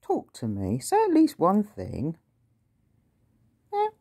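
A woman's voice: medium pitch, wildly swooping pitch, takes it slowly, dark tone, breathy edge, no echo, clean studio sound. A woman at home talking baby talk to her cat and singing meows at it. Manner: sing-song meowing and baby talk to a cat. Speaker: pet owner vlogger. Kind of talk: casual talk to a pet.

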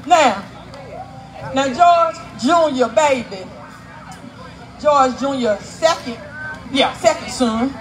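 A woman emceeing a live outdoor community event on a handheld mic, teasing and working the crowd loudly. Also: high voice, slow pace, pauses often, a little hiss or hum, rough recording. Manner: playful, teasing, loud crowd-work. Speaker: event emcee and radio host. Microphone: handheld microphone.

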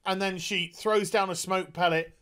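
A man's voice: high-pitched, steady tone, moderate pace, a bit bright, clean tone. A man ranting in a video review, exasperated and sarcastic, swearing often. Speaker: TV show reviewer.

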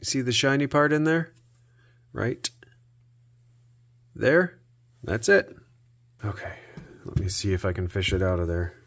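A man hosting a repair video, narrating his work out loud with dry little jokes to himself. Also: on the low side, big pitch swings, unhurried, pauses often. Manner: self-talk with dry jokes. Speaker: host.

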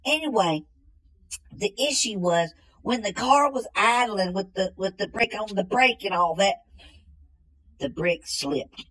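A slow-witted, bumbling country man, played by a woman in a comedy sketch. He talks at an even middle pitch and drawls his way through long rambling stories, leaning again and again on the same folksy catchphrase. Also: poor audio. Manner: drawling, repeats "ain't no way".

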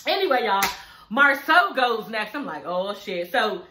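Recapping a reality show episode, this woman swears freely, laughs a lot, and keeps addressing viewers as y'all. Her slightly high voice is sing-song and a little slow, with reverb and background noise around it.

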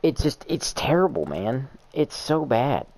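A man's voice: mid-range voice, big pitch swings, a little slow, creaky, a little mellow, slight background noise. A young man narrating his own video game in a stream of exasperated, profane complaints. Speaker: gamer posting gameplay. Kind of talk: live gameplay commentary.

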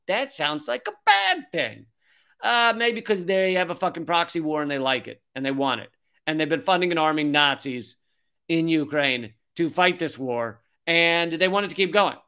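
A man in his forties with a high, fairly bright voice hosts a political commentary show. He reads an article aloud, repeatedly breaking off into sarcastic, profane rants.

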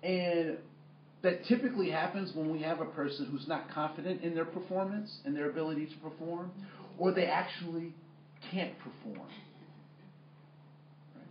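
Male workshop trainer, conversational, voice a bit high; echoey, dull room recording. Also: normal speed, pauses often, slight background noise. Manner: conversational, many fillers, asks the room questions. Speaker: workplace trainer. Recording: echoey room, muffled sound.

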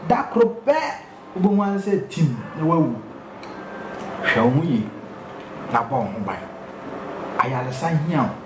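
Ghanaian male TV host, insistent and preachy, roomy echo, steady noise behind. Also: medium pitch, moderate pace, pauses often. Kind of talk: interviewing and addressing viewers. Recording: echoey room with background noise.

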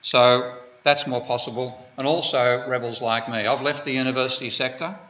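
Forceful Australian man lecturing. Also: mid-range voice, steady tone, normal speed. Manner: digressive, with wry asides. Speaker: economics lecturer. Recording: dull lo-fi lecture recording.

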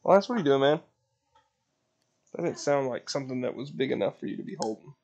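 Streaming a game live, a man grumbles, swears and throws out sarcasm, pausing between tasks to talk to his baby son. His voice is medium-pitched, a little mellow, with lively intonation and a quick pace, though the audio sounds dull.

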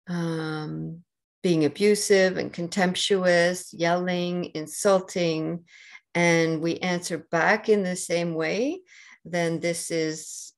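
A woman with a Canadian accent giving a dharma talk as a meditation teacher, gentle and unhurried, pausing often with soft fillers. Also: fairly low pitch. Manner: slow and gentle, with many pauses and fillers.

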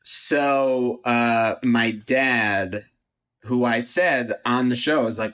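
A man's voice: medium pitch, drawn-out words, fairly bright tone, clear, resonant tone. A man who is an actor and a guest on a podcast, telling a story with chuckles and a self-deprecating humor. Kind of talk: casual anecdote telling.

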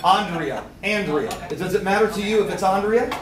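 A man giving a lively seminar talk, quizzing the audience and acting out little scenes. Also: high voice, normal speed. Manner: energetic, quizzes the crowd, acts out little scenes. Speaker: seminar speaker. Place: meeting room with audience. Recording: echoey room, picked up from a distance.

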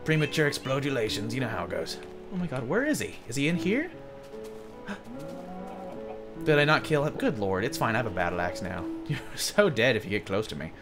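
A gaming commentator giving excitable let's play commentary, jumping from yelps to low mutters and laughing often. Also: brisk, pauses often, music in the background.

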